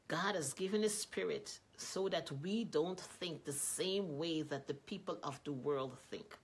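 A woman delivers a sermon in a low, slightly husky voice. She speaks earnestly, repeats her points, and lifts her voice when she acts out prayers. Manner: earnest, repetitive, rising loud when quoting prayers. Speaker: preacher.

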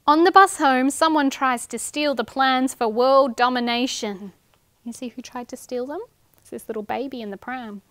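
A woman and children's librarian reading picture books and leading rhymes in an animated, sing-song, clear way. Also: high-pitched, normal speed, no room sound.

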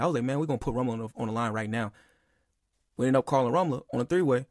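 A man's voice: medium pitch, very fast, darkish tone, dry recording. Young man, rambling heated story, casual chat, dry close sound. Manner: rambling and heated, repeated "bro" and "like". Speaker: podcast speaker.

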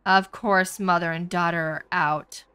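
Woman host, casual game commentary, chatty and jokey, bright voice. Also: on the low side, steady tone, a little slow, clean tone, no echo. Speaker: gaming channel host. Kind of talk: casual let's play commentary.

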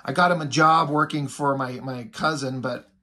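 A man's voice: medium pitch, steady tone, normal speed, pushed and bright. Man voicing a frustrated, desperate cop.

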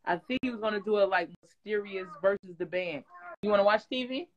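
A woman from Detroit telling stories in a casual interview, animated and profane, loudly acting out what people said. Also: medium pitch, a little fast, lo-fi sound. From Detroit, USA. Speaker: guest.

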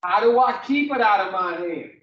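A man with a high-pitched, animated voice teaches a recovery program class at a moderate pace, telling folksy stories in a blunt, profane, joking way. The recording is distant, roomy, and muffled.

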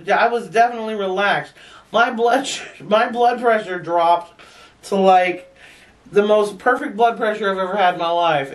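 A woman's voice: on the low side, recorded from a distance. A woman vlogger telling a personal story in a frank, chatty way, laughing often and swearing bluntly. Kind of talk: casual storytelling to camera.

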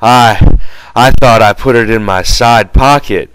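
A man voicing a simple-minded, childlike big man who speaks slowly and hesitantly in a raised, pleading voice. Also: medium pitch, a bit bright, clean tone, dry recording, natural voice, rough recording. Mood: sheepish. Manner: slow, hesitant, plaintive pleading.

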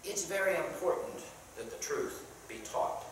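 A Sunday school teacher leading a Bible class in a church, talking conversationally with many pauses and questions to the class, and reading scripture aloud in King James wording. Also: mid-range voice, lively intonation. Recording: very echoey room, mic far off, faint background noise.

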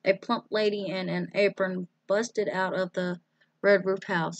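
A woman reading a children's storybook aloud, slowly and carefully. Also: mid-range voice, fairly even intonation, dry recording, highs cut off. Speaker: storybook reader.

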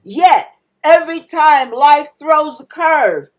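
A woman's voice: sits high, lively intonation, slow, soft background music. A woman pastor preaching a sermon in an emphatic manner, acting out panicked cries now and then.

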